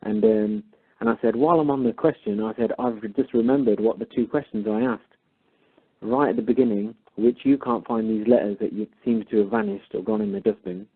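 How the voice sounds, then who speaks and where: A man's voice: on the low side, expressive, brisk, gravelly, slightly rough. A man, calling in and casually retelling a phone call he had, voicing both sides of it. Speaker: caller. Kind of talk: casual storytelling. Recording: tinny phone line.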